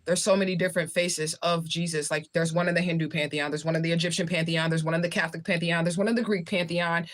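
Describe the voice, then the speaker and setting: A woman from the southern United States chats casually with her livestream viewers, rambling loosely while eating. Her lowish voice barely moves in pitch, and she talks quickly with hardly any pauses.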